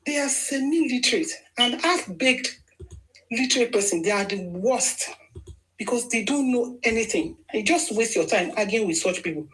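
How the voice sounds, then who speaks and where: Nigerian-accented woman, mid-pitched, opinionated political commentator, emphatic and repetitive. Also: normal speed, poor audio. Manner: emphatic, argumentative, repeats phrases for stress.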